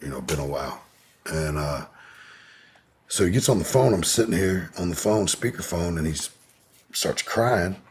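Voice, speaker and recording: A man's voice: sits low, animated, moderate pace, pauses often, a little hiss or hum. A man telling a personal story in an interview, in a laid-back, rambling way, with lots of "you know". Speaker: podcast guest.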